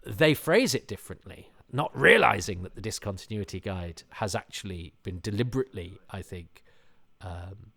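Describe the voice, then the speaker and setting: A man hosting a podcast, giving rambling, self-deprecating commentary with animated asides. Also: fairly low pitch, normal speed, vocal fry. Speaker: podcast host. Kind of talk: casual commentary.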